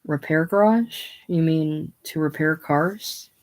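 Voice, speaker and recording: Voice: medium pitch, slow pace, close to an everyday voice. A reader voicing David, a plain-spoken young garage owner of about twenty-one, friendly but a bit tense. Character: young small-town garage man, about 21.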